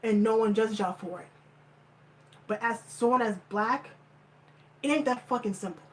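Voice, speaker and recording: A woman's voice: fairly high pitch, normal speed, slight background noise, rough recording. Profane, heated woman vlogger. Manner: blunt, profane, emphatic and repetitive. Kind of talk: heated commentary rant.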